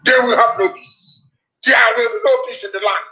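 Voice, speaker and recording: Male broadcaster, high tense voice, repetitive threatening delivery, lo-fi sound. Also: fairly even intonation, moderate pace. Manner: forceful, repetitive warnings. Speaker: political broadcaster. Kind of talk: fiery live radio address. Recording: dull lo-fi broadcast audio.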